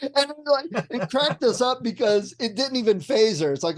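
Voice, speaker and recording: A man co-hosting a podcast, telling game-night stories in a lively, animated way and laughing as he goes. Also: extremely high pitch, moderate pace. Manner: animated storyteller, acts out lines with laughs. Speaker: podcast co-host. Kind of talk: casual chat.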